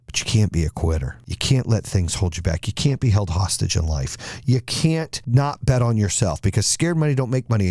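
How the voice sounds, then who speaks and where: A man's voice: mid-range voice, mellow, no room sound, clean studio sound. A male podcast host giving a motivational speech with emphatic, repetitive exhortations.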